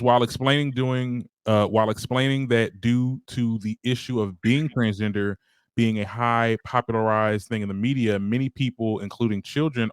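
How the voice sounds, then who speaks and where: A man's voice: fairly low pitch, clean tone, no echo. A man hosting a casual news commentary show, reading headlines aloud and then riffing on them in a chatty way. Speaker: host.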